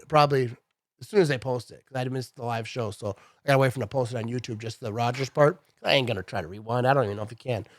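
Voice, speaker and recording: A man in his thirties giving a casual, animated sports rant to his viewers, full of "bro" and "dude". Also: medium pitch, no room sound, clean studio sound. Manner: animated, chatty, says "bro" and "dude" a lot. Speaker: sports vlogger.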